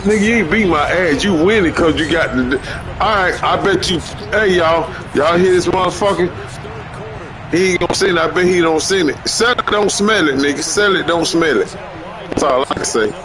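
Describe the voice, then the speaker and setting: A man streaming a football video game, loudly trash-talking his online opponent with slang and profanity. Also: fairly high pitch, a little fast, crowd noise. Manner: loud, boastful trash talk with heavy slang and profanity. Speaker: gamer streamer.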